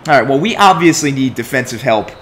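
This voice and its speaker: This young gaming commentator talks quickly in an expressive, slightly bright medium-pitched voice, with a little noise behind him. Playing a soccer video game, he's fed up, griping and cursing at his team frequently.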